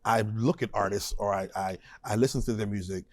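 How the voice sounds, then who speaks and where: A man's voice: lowish voice, fairly quick, a little hiss or hum. A man being interviewed as a supporting vocalist, talking emphatically and animatedly and laughing easily. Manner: emphatic and animated, punctuating points with short stressed words. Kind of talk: conversational interview.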